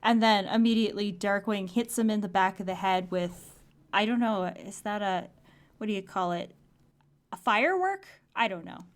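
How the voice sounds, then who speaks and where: A woman's voice: medium pitch, lively intonation, moderate pace. A woman co-hosting a podcast, animatedly recapping a comic in casual chat and laughing often. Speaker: podcast co-host.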